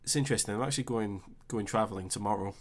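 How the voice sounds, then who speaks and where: Easygoing Scottish man streaming, low voice. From Scotland. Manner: chatty and easygoing, thinking aloud with filler pauses. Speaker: live-stream host. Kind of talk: casual live-stream chat, reading out viewer comments.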